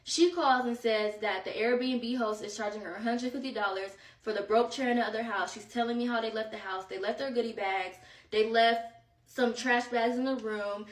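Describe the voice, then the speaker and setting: Woman with aave spilling vacation tea, kinda high voice, sounds a bit far from the mic. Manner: animated, slangy, quoting friends in bursts. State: out of breath. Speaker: vlogger telling a story. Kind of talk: casual storytime. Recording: echoey room, voice set back from mic.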